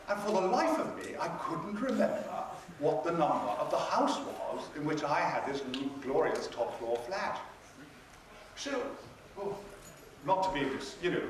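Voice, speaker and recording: An older man telling a wry, theatrical story as a convention panel guest, acting out the other people's lines. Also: on the high side. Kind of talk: anecdotal storytelling. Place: convention hall. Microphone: audience recording from far off. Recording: echoey hall recorded from a distance with noise.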